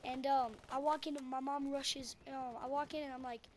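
A woman's voice: high-pitched, flat delivery, normal speed, a little mellow. A woman telling a story casually to camera, rambling and full of ums and self-corrections, on a headset mic. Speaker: video creator.

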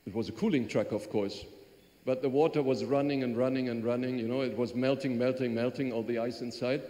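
A man's voice: medium pitch, warm tone. Man speaking in a hall. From Germany. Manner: genial, conversational, with small repeats. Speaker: visiting diplomat giving a lecture. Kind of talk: public speech and audience reply. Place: large lecture hall. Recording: hall with long reverb.

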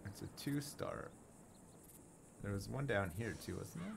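A man's voice: on the low side, lively intonation, unhurried. A man casually commenting on his gameplay during a live stream, wry and muttering, swearing freely. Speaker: game streamer. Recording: streaming mic with clear noise.

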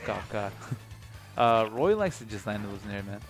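A young man commentating a live video game tournament, excitable, laughing often and repeating himself, his voice tired and low. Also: moderate pace. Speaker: esports commentator. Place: gaming tournament at a sports center. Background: music.

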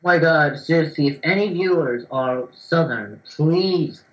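A young gamer chatting casually and excitably while playing, with loud bursts and casual swearing. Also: medium pitch, a little slow, rough recording. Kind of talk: casual gaming chat.

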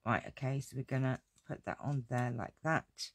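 A woman chats away while she makes a craft project, joking about herself and laughing often. Her voice has a lot of gravelly fry. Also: very deep voice, moderate pace, slight background noise. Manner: chatty, self-deprecating, laughs often. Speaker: crafting video host. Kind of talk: casual live crafting chat with viewers.

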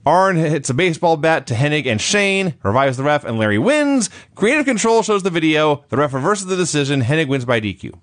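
Dry, sarcastic man recapping, lively pitch. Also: fairly quick, hardly any pauses, dry recording. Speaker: podcast co-host. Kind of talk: casual chat, recapping a show.

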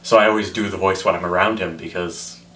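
A man's voice: low voice, steady tone, fast, a bit bright, slight background noise. A tipsy man rambling in a casual, self-mocking vlog. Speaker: vlogger.

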